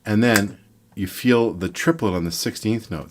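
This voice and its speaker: An older man from Montreal talks through a guitar lesson in a loose, rambling way. His voice sits very low, and he counts beats and hums rhythms as he explains. It sounds like a casual live stream. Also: normal speed, a little hiss or hum. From Montreal, Quebec, Canada. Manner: rambling and relaxed, counting and scatting rhythms aloud. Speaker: guitar teacher.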